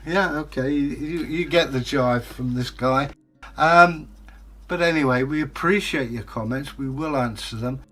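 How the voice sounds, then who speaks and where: A man's voice: mid-range voice, a little slow, a bit bright, faint music behind. Rambling man in his sixties. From England. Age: 60s. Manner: rambling, anecdotal, easygoing. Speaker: co-host reading viewer comments. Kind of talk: casual chat.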